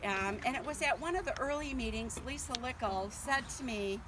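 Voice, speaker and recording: A woman's voice: fairly high pitch, normal speed, noisy background. An older woman giving a casual, nervous speech at her book launch party, thanking family and friends with lots of ums. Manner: chatty and nervous, with frequent um and laughs.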